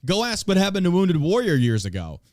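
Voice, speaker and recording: An American man hosting an opinion podcast, with a mid-pitched voice and a blunt, profane delivery. He swings from mocking sarcasm to flat dismissal, and the sound is dry and close. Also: brisk, no room sound. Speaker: podcast host.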